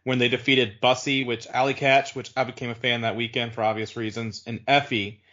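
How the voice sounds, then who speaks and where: A man's voice: medium pitch, flat delivery, a little fast, sharp tone. Rambling podcast guy saying "like" a lot. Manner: rambling, heavy use of "like", restarts. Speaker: podcast co-host. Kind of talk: casual chat. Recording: dull lo-fi audio.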